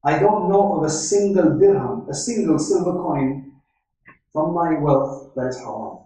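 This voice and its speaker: A man with a warm, somewhat high voice and measured pace gives an Islamic religious lecture. He tells stories, quotes Arabic, and often checks in with "right?". The recording is made in an echoey hall, the speaker far from the microphone.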